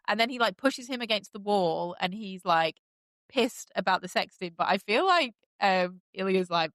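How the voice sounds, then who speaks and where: A woman's voice: medium pitch, normal speed, fairly bright tone, no echo. Gushing, chatty woman podcast host. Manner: gushing, chatty, many fillers and likes. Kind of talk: casual chat recapping a TV show.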